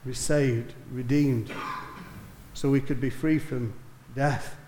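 A man's voice: mid-range voice, steady tone, slow, slight background noise. Preacher man in an echoey hall. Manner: storytelling, rising to emphatic peaks then dropping soft. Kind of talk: sermon.

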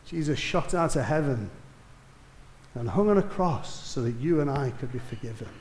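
A man preaches with a mid-range voice, telling stories that climb to loud, emphatic peaks before falling to hushed asides. His voice rings through an echoey room. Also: mid-range voice, animated, moderate pace, slight background noise. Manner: storytelling, rising to emphatic peaks then dropping soft. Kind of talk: sermon.

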